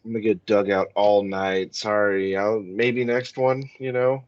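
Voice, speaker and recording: A man's voice: lowish voice, fairly even intonation, measured pace, dry recording, lo-fi sound. A man co-hosting a podcast, making crude sarcastic jokes and laughing. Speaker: podcast co-host. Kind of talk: casual comedic commentary.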